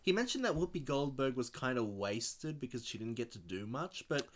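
Easygoing male co-host, lively pitch swings, somewhat hesitant delivery. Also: normal speed. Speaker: co-host in a movie commentary. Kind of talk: casual movie commentary chat.

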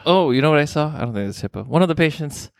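A man co-hosting a casual podcast chat, chiming in with quick, joking reactions. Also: a little high, lively intonation, gravelly, no echo, studio quality. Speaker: co-host.

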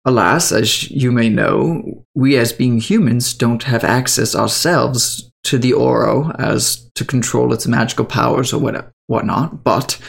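A man's voice: mid-range voice, measured pace, vocal fry. A man voicing a kindly older male guild official who rambles and hesitates as he explains things in a tabletop game. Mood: explaining. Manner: chatty, hesitant with many fillers.

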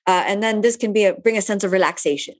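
In a quick, mid-range voice, a woman who teaches yoga answers questions from viewers on a live online stream. Her manner is easygoing and talkative, with plenty of side comments.

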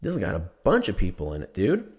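A man's voice: low-pitched, wildly swooping pitch, quick pace, vocal fry, a little mellow. A young man telling a rambling, profane story in a casual monologue, laughing often as he goes.

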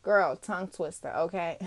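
A woman's voice: lowish voice, measured pace. A young adult woman hosting a motivational podcast, talking in a sassy, emphatic way, swearing freely and calling her listeners girl. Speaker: podcast host.

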